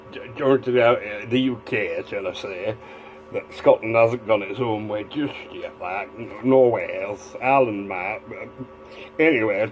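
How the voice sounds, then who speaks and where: A man's voice: medium pitch, a little mellow, low-quality recording. A man giving a casual, rambling video commentary, drifting between asides. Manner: rambling, digressive, full of fillers and restarts. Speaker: vlogger.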